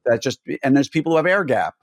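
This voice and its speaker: A man's voice: mid-range voice, very animated, fast, dry recording. A man hosting a podcast interview, explaining at length and posing skeptical questions in a playful way. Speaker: podcast host.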